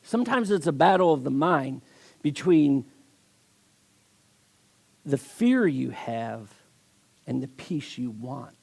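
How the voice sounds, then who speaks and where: A man's voice: medium pitch, big pitch swings, takes it slowly, creaky, pauses often, darkish tone, breathy edge. A man preaching a sermon as a guest speaker, telling stories with acted voices and emphatic delivery.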